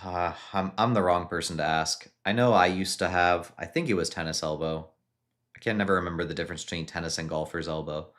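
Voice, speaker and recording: A man in his thirties streaming casually and reading viewer questions aloud. He answers in a relaxed, hesitant way with frequent restarts. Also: low-pitched, fairly quick. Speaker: fitness streamer answering live chat. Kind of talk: casual live-stream chat.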